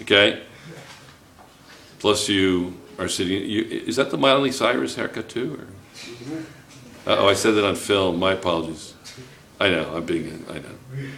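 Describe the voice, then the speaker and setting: A man's voice: lowish voice, unhurried, vocal fry, long pauses, a bit bright, slight background noise. A man teaching chemistry to a class, playful and joking, firing questions at his students. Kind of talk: classroom lecture. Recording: echoey classroom.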